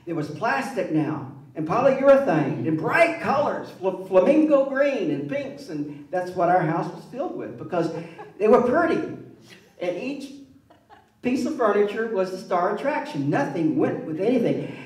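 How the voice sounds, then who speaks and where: A man's voice: high-pitched, moderate pace. Wry man telling stories. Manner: wry, animated, acts out voices in his stories. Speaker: author speaking at a public event. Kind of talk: personal storytelling. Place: museum event space. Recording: roomy hall, mic at a distance.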